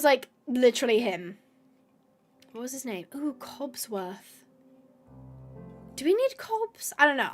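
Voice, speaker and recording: A woman hosting a gameplay video, chatting casually to viewers, thinking aloud with excited gasps and asides. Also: a little high. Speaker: gaming video host.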